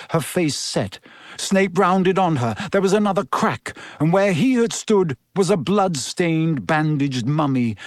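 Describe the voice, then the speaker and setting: A man narrating a story with expressive, animated delivery that rises and falls a great deal. His voice sits a little high for a man. The recording is close and dry. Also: dry recording. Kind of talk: scripted narration.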